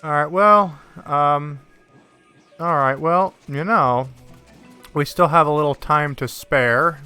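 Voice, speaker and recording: Male game streamer, fairly high voice, unhurried delivery, excitable and sarcastic, casual swearing. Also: smooth, soft background music. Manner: excitable, whoops and yells at wins. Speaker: gaming livestreamer. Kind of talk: live gameplay commentary.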